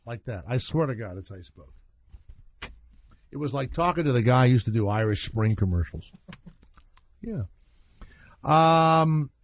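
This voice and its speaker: A male talk radio host spins a rambling story, his pitch swinging up and down as he talks. He sounds relaxed and casual. The broadcast sound is muffled and slightly dull. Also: moderate pace, long pauses.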